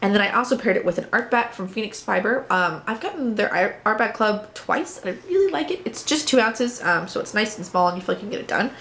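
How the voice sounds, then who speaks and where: A woman's voice: medium pitch, expressive, fast talker, hardly any pauses, fairly bright tone, a little hiss or hum. A woman hosting a knitting and spinning podcast, chatting casually and playfully as she shows her projects to viewers. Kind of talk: casual show-and-tell chat.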